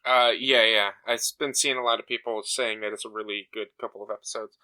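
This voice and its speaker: A man's voice: fairly low pitch, steady tone, brisk, bright, forceful tone. A young man co-hosting a podcast in casual chat, talking emphatically with many fillers and restarts. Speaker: podcast co-host.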